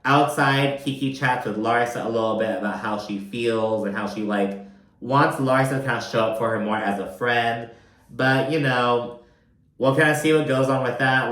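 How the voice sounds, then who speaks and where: A young man rambles through a reality show recap, chatty and loose with plenty of fillers. His voice sits at an ordinary middle pitch. The room adds a noticeable echo. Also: fairly bright tone. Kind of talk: casual recap commentary. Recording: roomy echo.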